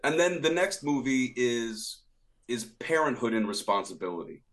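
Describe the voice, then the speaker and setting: A man co-hosting a casual film podcast. He talks in an animated way and acts out quoted lines. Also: mid-range voice, moderate pace. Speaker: podcast co-host.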